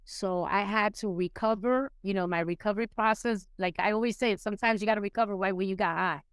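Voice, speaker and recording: A middle-aged woman from Puerto Rico, raised in New York City, telling her life story as a podcast guest in a lively way, acting out the people she quotes. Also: fast talker, smooth, dry recording. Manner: animated, acts out quoted people with rising pitch. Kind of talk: casual storytelling interview.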